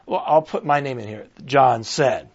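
A man's voice: medium pitch, breathy edge. Earnest man preaching, lo-fi sound. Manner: earnest, pausing, restarts and fillers while reflecting. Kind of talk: sermon with scripture reading. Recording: dull lo-fi recording.

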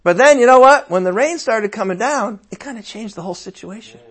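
Animated high-voiced male preacher. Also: a little fast. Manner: animated and conversational, with playful asides and sudden outbursts. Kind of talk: sermon.

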